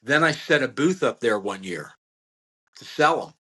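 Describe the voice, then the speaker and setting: Bright-voiced older American butcher storyteller. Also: male voice, medium pitch, lively intonation, moderate pace, breathy edge. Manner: rambling anecdotes with frequent restarts and laughs. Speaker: guest, butcher and slaughterman. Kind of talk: casual storytelling interview.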